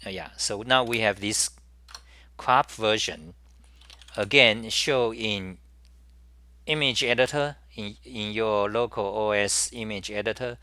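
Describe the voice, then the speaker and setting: A man hosting a live software demo, thinking aloud with halting restarts and repeated words as he works. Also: fairly low pitch. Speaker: programming tutorial host.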